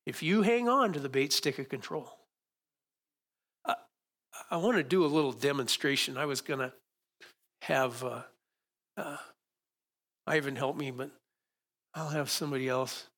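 Preacher a man with a higher-pitched voice giving a loose, chatty sermon. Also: a bit bright. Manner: conversational, halting restarts, coaches volunteers on stage. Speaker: pastor. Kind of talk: sermon with live stage demonstration. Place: church stage before a congregation.

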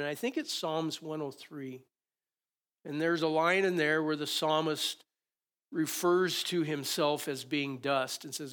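Pastor guy preaching, bit high voice, joking around, goes loud then drops real quiet. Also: fairly even intonation, measured pace, clear, resonant tone. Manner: conversational preaching, joking, swings between loud emphasis and quiet asides. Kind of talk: sermon. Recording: preached into a microphone.

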